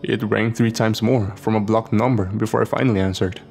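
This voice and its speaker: Male horror narrator, gravelly and slightly low, dry sardonic read. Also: fairly even intonation, brisk, darkish tone, soft background music. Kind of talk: scripted first-person horror narration.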